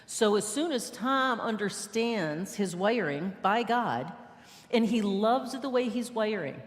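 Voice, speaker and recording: Female speaker, lively sermon delivery with acted-out quotes, in a reverberant sanctuary. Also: medium pitch, slow pace. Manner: lively, laughing, acts out quoted voices. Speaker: guest speaker. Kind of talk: sermon with banter. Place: church sanctuary. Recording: long church hall reverb.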